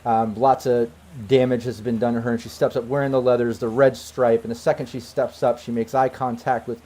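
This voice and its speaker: A man's voice: mid-range voice, flat delivery, brisk, mellow. A man running a tabletop role-playing game as game master, narrating scenes in a casual way with lots of fillers.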